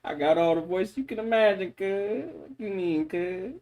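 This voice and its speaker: A man's voice: high-pitched, expressive, normal speed, a little mellow, pitched above the performer's own voice. A man putting on the voice of a boastful young tough guy who taunts in drawled slang. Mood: taunting.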